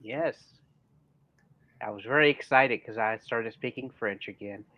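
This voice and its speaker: A man's voice: mid-range voice, unhurried, no echo, lo-fi sound. A man co-hosting a casual podcast, talking in a playful, jokey way. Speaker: podcast co-host.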